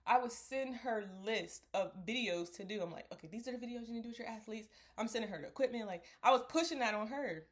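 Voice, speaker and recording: Young woman, slightly high voice, rambling reflective vlog chat. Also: fast, few pauses. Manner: rambling, reflective, laughs often. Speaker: vlogger. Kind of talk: casual talk to camera.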